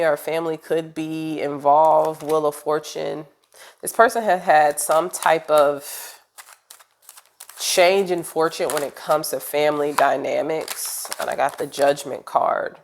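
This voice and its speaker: A woman's voice: sits low, vocal fry. A woman with a cold giving a casual tarot reading, speaking straight to her viewers in a chatty, rambling way with plenty of fillers. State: congested with a cold. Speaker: tarot reader.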